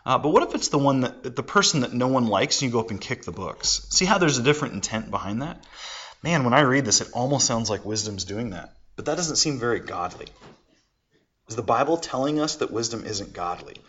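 A man's voice: medium pitch, lively intonation, fairly quick, a bit bright, breathy edge. A man teaching a casual Bible lesson, talking it through with rhetorical questions and everyday examples. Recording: dull lo-fi recording.

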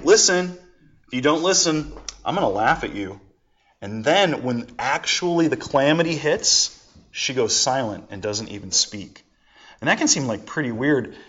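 A man's voice: mid-range voice, a bit bright. A man teaching a casual Bible lesson, talking it through with rhetorical questions and everyday examples. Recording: dull lo-fi recording.

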